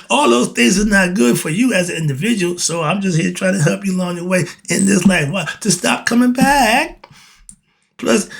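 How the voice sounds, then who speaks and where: A man's voice: high voice, creaky, a bit bright. A man, giving a casual, blunt monologue, often laughing and asking and answering his own questions. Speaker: host of a philosophy talk channel.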